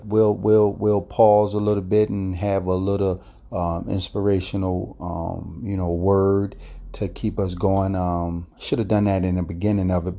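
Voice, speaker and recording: Slow, deep, gravelly podcast host man. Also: mellow. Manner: rambling, hesitant, many fillers. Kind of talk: casual solo podcast talk.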